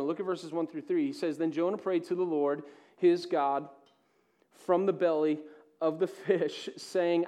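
A male pastor delivering a sermon, swinging between loud emphatic peaks and hushed, quiet passages. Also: on the high side.

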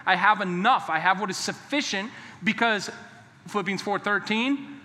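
A man with a high, bright voice preaches a sermon in a church sanctuary. He is emphatic and conversational, and at times his delivery drops to a hushed, earnest tone. Long hall reverb trails each phrase. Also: normal speed. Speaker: pastor.

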